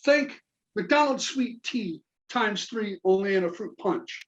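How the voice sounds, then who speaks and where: A man's voice: high voice, lively intonation, slow pace, a bit bright, muffled recording. A man in his forties from Kentucky with a Southern accent, a Navy veteran doing a stand-up comedy set with dry, self-mocking punchlines. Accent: Southern American.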